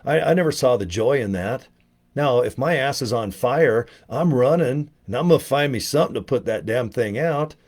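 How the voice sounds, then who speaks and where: Speaking at a moderate pace with lively intonation, a middle-aged man of medium pitch and slightly mellow tone promotes network marketing. The casual motivational video finds him rambling, cursing frequently, and restarting his thoughts.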